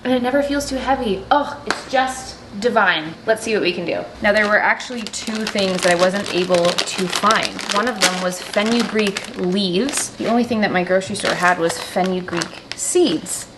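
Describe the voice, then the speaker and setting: A woman's voice: mid-range voice, moderate pace, few pauses, background noise. A woman chatting casually as a vlogger in her home kitchen, bubbly and self-deprecating, talking into a handheld vlog camera.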